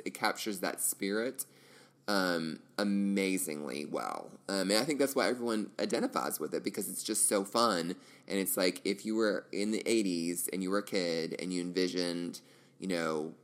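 A middle-aged man hosting a solo podcast, chatting casually and enthusiastically, rambling with lots of fillers and restarts. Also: low-pitched. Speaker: podcast host.

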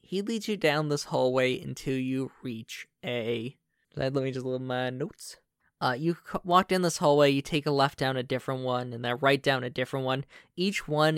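A man narrating a tabletop role-playing game as game master, relaxed and full of fillers. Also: mid-range voice, normal speed, clean tone, no room sound, studio quality.

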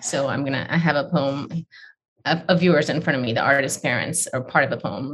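Low, husky-voiced woman poet telling stories. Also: a little fast. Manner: reflective, digressive, restarts and repeats phrases. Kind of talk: conversational storytelling.

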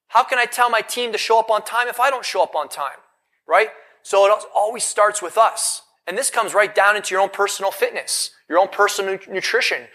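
Male motivational speaker, thirties, live seminar, bright voice pitched a little high, punchy questions to the crowd. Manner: energetic, rhetorical questions to the audience. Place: event hall in front of a live audience.

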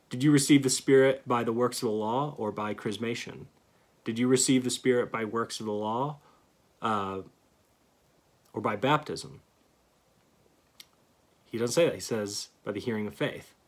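A man giving an earnest theology lecture, stressing key words and pausing to restart phrases. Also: medium pitch. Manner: earnest, emphatic, reads scripture aloud with pauses and restarts. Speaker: Christian teacher.

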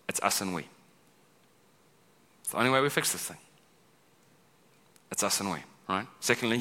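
A man preaching a sermon as pastor, chatty and animated, often checking in with "right?" and acting out quoted lines. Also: lowish voice. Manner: conversational, keeps asking "right?"; acts out quoted speech with big vocal swings. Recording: long hall reverb.

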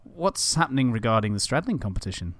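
Male co-host, mid pitch, expressive, wry teasing tone, dry sound. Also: quick pace, dry recording. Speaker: podcast co-host. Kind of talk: casual chat.

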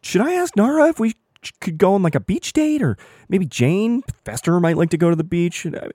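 A man doing an excitable, pleading hero. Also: sits high, brisk, breathy edge, dry recording, studio quality, full character voice.

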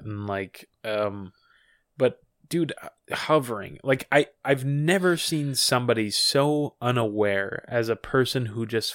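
A man's voice: mid-range voice, no echo, studio quality. Rambling, profane man on a podcast. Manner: rambling, profane, many fillers and restarts. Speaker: podcast co-host. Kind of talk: casual podcast chat.

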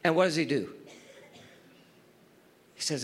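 A man preaching with a very high, bright voice. He drives each point home through repetition and throws rhetorical questions at his listeners in a sermon style. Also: normal speed, slight background noise. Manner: emphatic, repeats phrases, asks the audience rhetorical questions.

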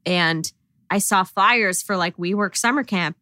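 A young woman guesting on a podcast, trading wry hot takes and laughing easily. Her voice is bright and close, recorded in a dead, dry space. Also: medium pitch, unhurried, no echo. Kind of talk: casual chat.

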